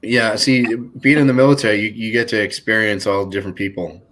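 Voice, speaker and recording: Low-voiced man with a Boston accent. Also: steady tone, fairly quick, a bit bright, a little hiss or hum. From Boston, United States. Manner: easygoing, laughs often, hesitant fillers. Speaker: guest. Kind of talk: casual livestream chat.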